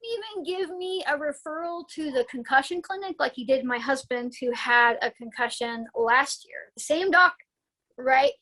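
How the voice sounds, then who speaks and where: A chatty woman guest who talks about herbs in a fairly high voice, rambling and restarting her sentences. She is recovering from a concussion and laughs often as she goes. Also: normal speed, bright, forceful tone, low-quality recording. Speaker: guest herbalist. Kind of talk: casual podcast interview.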